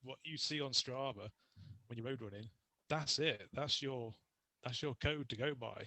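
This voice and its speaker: A man's voice: mid-range voice, moderate pace, bright, forceful tone. A young man talking as a guest on a casual podcast, spinning anecdotes in a chatty way and laughing easily. His voice sits in an ordinary middle range, and the sound is dry, with no room echo. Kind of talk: casual interview chat.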